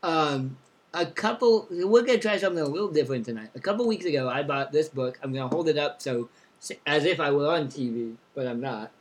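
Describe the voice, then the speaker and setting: A young man co-hosting a casual podcast, upbeat as he reads out listener cities and gives shout-outs. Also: a little high, animated, a little fast, slightly rough. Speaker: podcast co-host. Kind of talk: casual chat.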